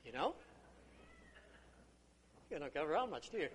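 A man's voice: a little high, very animated, moderate pace, husky. An older man preaching a sermon on a parable, talking conversationally and acting out the lines of the people in his stories. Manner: conversational storytelling with acted-out quotes.

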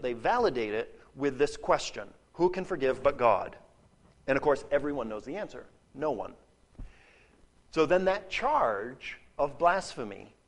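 Teaching from a Bible passage, this man speaks in a mid-range voice, working through his explanation on the fly. He often starts over or repeats words as he thinks, asking "okay?" and "right?" to check in with listeners.

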